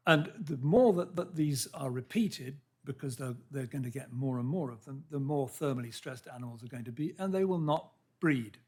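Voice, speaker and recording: A man giving a public science lecture in a hall, earnest and halting, often restarting his words and reading out quotes. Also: medium pitch, lively intonation, dark tone, breathy edge. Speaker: lecture speaker.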